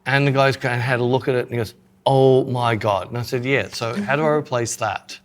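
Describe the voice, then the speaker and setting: Guy co-hosting a podcast, chatty and jokey, mid pitch, just talking gear. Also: fairly even intonation, a little fast. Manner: chatty, joking, self-mocking. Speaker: podcast co-host, photographer. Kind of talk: casual chat.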